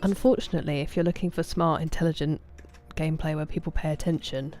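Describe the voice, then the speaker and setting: A woman, casually chatting with viewers on a game stream, thanking them by name and sometimes dropping to soft murmurs. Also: low voice, fairly even intonation, fast, faint music behind. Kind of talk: casual livestream chat.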